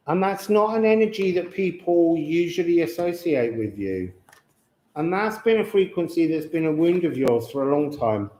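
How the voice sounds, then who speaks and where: Slow, musing man in an echoey room. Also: fairly high pitch, a little mellow. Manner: slow, musing and drawn-out, with chatty asides. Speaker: tarot and astrology reader. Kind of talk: unscripted card reading to viewers.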